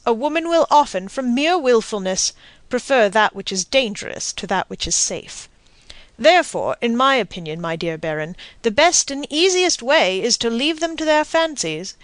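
A woman's voice: fairly high pitch, dry recording, natural voice. Woman reading as a polished scheming count. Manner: polished, courteous, quietly ironic. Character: cool, scheming, courteous nobleman.

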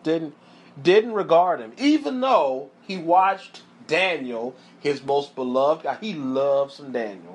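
A man preaching a sermon, emphatic and repetitive, often pausing to tell his listeners to watch closely. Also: on the high side, expressive, breathy edge.

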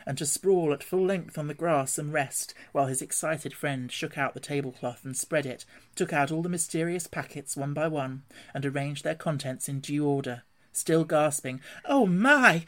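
A reader narrating a classic storybook in a measured, even way. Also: mid-range voice. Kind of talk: storybook reading.

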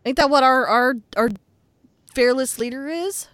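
A woman's voice: sits high, a little slow, a bit bright, dry recording. Joking woman co-host, dry close sound. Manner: joking, chatty, asks questions. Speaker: podcast co-host. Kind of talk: casual chat.

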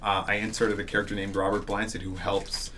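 A man's voice: fairly low pitch, monotone, a little fast, bright, forceful tone, slight background noise. A man in casual podcast conversation, telling stories animatedly, acting out quotes and using many fillers. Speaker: podcast guest, audio drama author.

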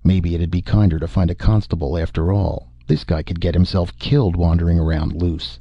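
Audiobook narrator, man, very low and gravelly, slightly husky, dry close recording. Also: dry recording, highs cut off. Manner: steady, measured storytelling.

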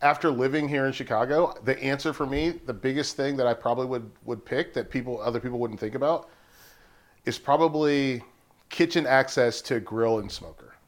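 Rambling male podcast co-host. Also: normal speed. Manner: rambling, animated storytelling with high-pitched laughs. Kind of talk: casual chat.

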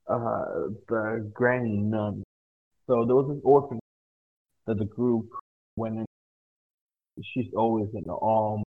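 Halting young man on a tinny line. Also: lowish voice. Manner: hesitant, halting with restarts. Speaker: tabletop game master. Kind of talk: casual podcast chat.

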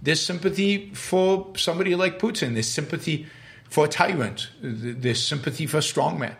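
A man hosting a live stream, reading viewer questions aloud and answering them in a halting, emphatic way, often restarting his words. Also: fairly high pitch, vocal fry, a bit bright. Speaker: host.

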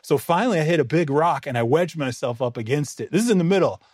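A man co-hosting a sports podcast, telling a story in lively casual chat and laughing often. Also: on the high side, quick pace, husky, no room sound, studio quality. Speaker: podcast co-host, NFL writer.

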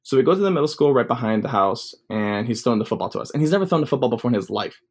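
A man's voice: mid-range voice, lively intonation, racing, a little mellow, breathy edge. A man in his twenties telling a personal story casually, rambling with many fillers. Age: 20s.

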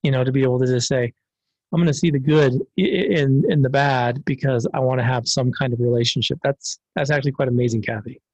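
Affirming interview host, husky and dry. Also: medium pitch, fairly even intonation, quick pace, darkish tone, no echo. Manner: affirming, frequent short agreements. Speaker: podcast host, coach. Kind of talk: supportive interview questions. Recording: dry, dull lo-fi sound.

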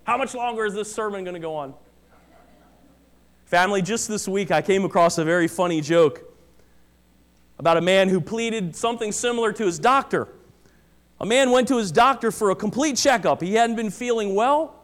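A man's voice: high voice, normal speed. A pastor preaching a sermon to his congregation, earnest and emphatic, repeating key phrases for weight. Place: church.

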